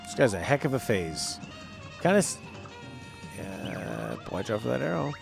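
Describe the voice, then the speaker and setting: A man's voice: mid-range voice, big pitch swings, measured pace, vocal fry, music in the background. A man streaming a video game, rambling through casual commentary with joking asides. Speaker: gaming streamer. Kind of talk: casual live gameplay commentary.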